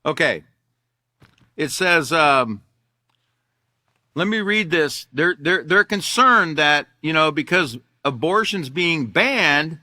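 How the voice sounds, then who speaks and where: A man's voice: a little high, very animated, takes it slowly, pauses often, bright, forceful tone, no room sound, studio quality. Sarcastic older man teaching a class. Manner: mocking and sarcastic, reads articles aloud, repeats himself.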